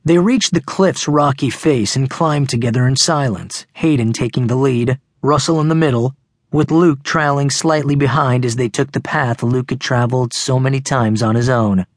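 A man narrating a teen novel audiobook in a steady, measured way, recorded close in a studio booth. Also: mid-range voice, dry recording. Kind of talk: scripted narration. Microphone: close studio mic.

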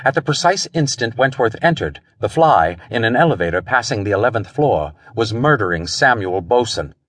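A man's voice: on the low side, big pitch swings, normal speed, no room sound. A man narrating a pulp thriller audiobook in a dramatic storytelling style.

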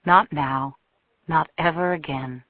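A woman reading a novel aloud as an audiobook narrator, measured and expressive. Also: low voice, dry recording. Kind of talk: scripted narration. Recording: thin phone-like dry sound.

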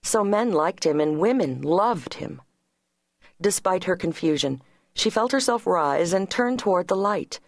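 Woman, audiobook narrator, measured reading, lowish voice, dry studio sound. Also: animated, no room sound.

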